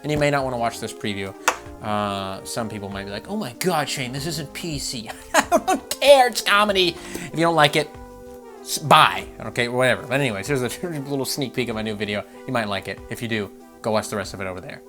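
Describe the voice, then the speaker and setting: A man hosting a gaming channel, ranting about game news with swearing and laughter, jumping from loud outbursts to low mutters. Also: fairly quick, soft background music. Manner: animated, profane, laughing, swings between loud outbursts and mutters.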